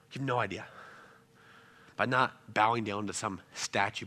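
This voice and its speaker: A pastor in his thirties preaches a sermon and tells a family story. He shifts between quiet, low asides and loud, animated passages.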